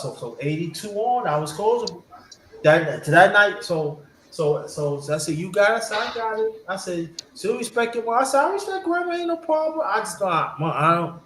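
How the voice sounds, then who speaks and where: A man casually telling a rambling family story as a host, repeating himself and acting out his relatives' lines. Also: high voice. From New York. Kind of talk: casual storytelling to a live audience. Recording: echoey room with faint background hiss.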